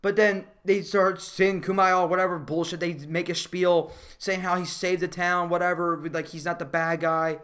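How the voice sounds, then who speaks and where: A movie reviewer ranting casually about a film, profane and exasperated, laughing often and getting loud at times. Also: mid-range voice, moderate pace, hardly any pauses, clean tone. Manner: animated, rising to loud outbursts.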